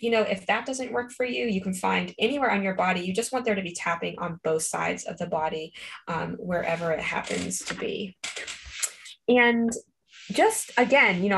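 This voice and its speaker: A woman leading a guided Christian meditation, speaking gently and unhurriedly, with soft fillers as she talks. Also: mid-range voice, gravelly. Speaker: counselor leading a meditation class.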